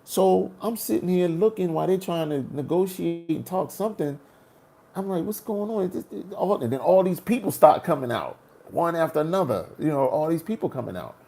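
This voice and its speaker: Brief: man, gravel in the voice, slangy and animated, recounting a trip for his vlog. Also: fairly high pitch, a little fast. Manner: animated, slangy, acts out his own reactions. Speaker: travel vlogger. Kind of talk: casual storytelling.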